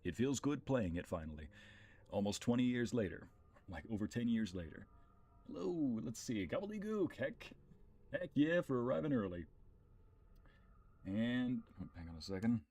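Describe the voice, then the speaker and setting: Man, young adult, low-pitched, husky, game streamer, chatty, thinks aloud. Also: expressive, normal speed, long pauses, a little mellow. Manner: chatty, greets viewers by name, thinks aloud. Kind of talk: casual let's-play commentary.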